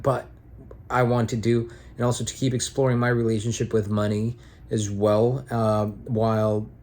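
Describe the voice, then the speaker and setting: A young man talking at home in a casual, reflective vlog monologue, rambling and earnest with some casual swearing. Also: mid-range voice. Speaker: vlogger and aspiring actor.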